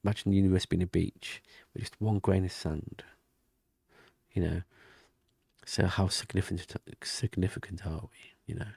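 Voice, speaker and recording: A man speaks softly at his desk, keeping his voice down and drifting between thoughts in a casual diary vlog. His voice is deep and gravelly with a husky edge. The sound is dry and close, with no room around it. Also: fairly even intonation, moderate pace, no echo. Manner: quiet, rambling, often half-whispered talk. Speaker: vlogger. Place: home room with thin walls. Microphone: desk mic and webcam.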